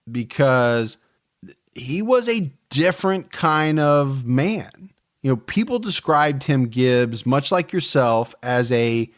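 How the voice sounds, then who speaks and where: A man in his forties co-hosting a true-crime podcast, telling the case in a relaxed, joking way with plenty of fillers. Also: mid-range voice. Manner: storytelling, joking, many fillers. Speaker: podcast co-host.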